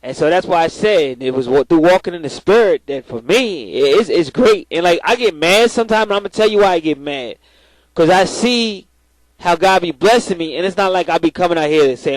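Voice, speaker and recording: A man's voice: a little high, expressive, fairly quick, dry recording, poor audio. A man giving spiritual advice to his viewers in a blunt, profane, preachy way, often repeating words as he starts. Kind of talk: casual spiritual talk to camera.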